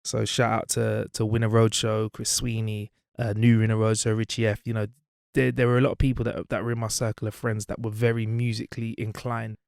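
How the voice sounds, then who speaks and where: Animated young man telling stories. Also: fairly low pitch, a little fast, creaky, no room sound, clean studio sound. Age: 20s. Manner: animated, lots of "you know". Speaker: guest, media presenter. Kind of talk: casual interview chat and storytelling.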